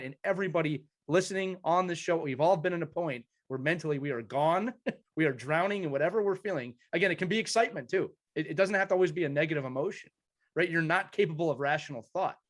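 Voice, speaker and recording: Male podcast host, earnest storyteller, slightly higher voice, lots of restarts. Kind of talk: conversational interview.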